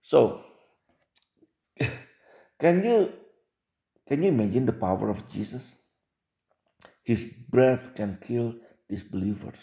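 A man's voice: mid-range voice, sing-song, takes it slowly, gravelly, long pauses, dark tone, reverberant. A man reading religious texts aloud and commenting on them, with emphatic repeats and rhetorical questions.

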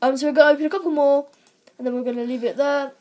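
A teenage girl chats her way through a card-pack-opening vlog, excitable and quick to exclaim at each result. Her voice sits high. She talks into a computer microphone in a room at home. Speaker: vlogger. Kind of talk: casual pack-opening commentary.

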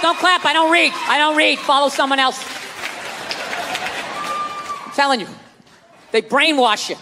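A man doing a stand-up comedy rant with profane, exasperated delivery and bursts of shouting, on a live stage in front of a loud audience. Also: high voice, long reverb tail, slight background noise.

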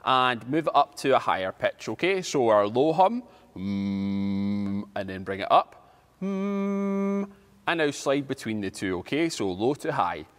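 A man teaching an online drama class, guiding warm-ups with energetic instructions and frequent checks of "okay?". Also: mid-range voice, normal speed, long reverb tail.

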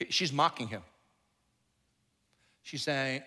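Middle-aged male pastor, bright and forceful, chatty and joking; long echo of a big church. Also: on the high side, lively intonation, normal speed. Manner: conversational, joking, acts out the Bible characters. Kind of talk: sermon. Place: church sanctuary. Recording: echoey hall, long reverb.

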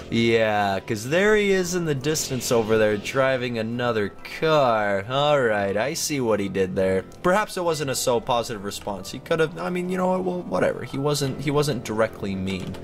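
A man giving chatty gameplay commentary as a gaming YouTuber, talking to himself and giggling often. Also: mid-range voice.

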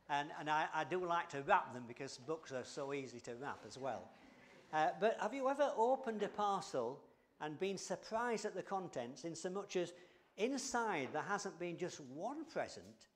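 Older English man preaching a chatty sermon. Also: on the high side. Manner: conversational, many fillers and restarts. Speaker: church leader and preacher.

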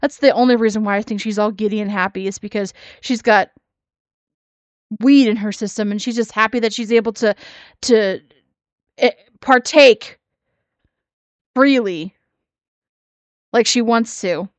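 A woman's voice: medium pitch, unhurried, pauses often, no echo. A woman giving sassy, mocking reaction commentary on another creator's video. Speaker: commentary YouTuber.

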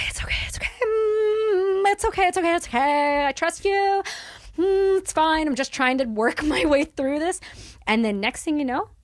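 Young woman, higher pitch, dry close mic; candid, animated storyteller who swears freely. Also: no echo. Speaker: guest.

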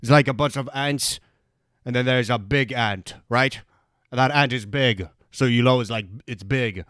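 A man's voice: mid-range voice, normal speed, fairly bright tone, smooth, no room sound, clean studio sound. A young man giving sarcastic, rambling commentary over his own Roblox gameplay as a YouTuber. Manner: sarcastic, rambling, self-mocking.

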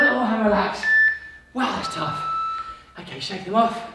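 A high-voiced man leads a kids' workout with cheerful encouragement, calling countdowns and moves between quiz questions. He sounds well away from the mic, and his voice rings around a very echoey room. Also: a little slow, vocal fry, bright, forceful tone, distant mic, slight background noise. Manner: upbeat, encouraging, calls countdowns and cues. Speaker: fitness coach. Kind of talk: kids workout instruction with quiz.

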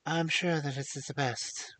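A man's voice: a little high, steady tone, a little slow, fairly bright tone. A man voicing an earnest, pleading wife. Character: anxious, devoted wife, pleading gently.

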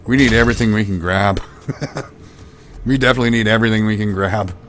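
A man commentating his own gameplay, panicking and swearing through fights, then calming down to chat. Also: on the low side, a little fast, a little hiss or hum. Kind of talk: let's play commentary.

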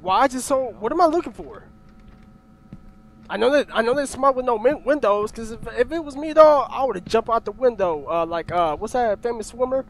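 A man's voice: very high voice, expressive, moderate pace, slight background noise. A young man nervously commentating a horror game, jumpy, often swearing and yelping. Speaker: gaming YouTuber.

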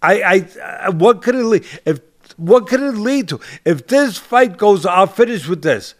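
Older guy hosting a boxing podcast, kinda high voice, super emphatic, says things twice to hammer them in. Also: expressive, normal speed. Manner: emphatic, repeats phrases for stress, addresses co-host by name. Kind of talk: impassioned podcast commentary.

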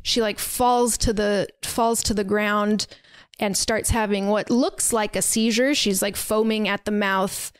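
A woman's voice: mid-range voice, no echo. A woman co-hosting a podcast, telling a long story in loose casual chat. She leans on fillers and restarts as she goes. Her voice sits mid-range and sounds dry and close, with no room around it. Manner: rambling, filler-heavy storytelling with lots of "like" and "um". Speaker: podcast co-host. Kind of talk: casual chat recapping a horror film. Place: podcast recording setup.

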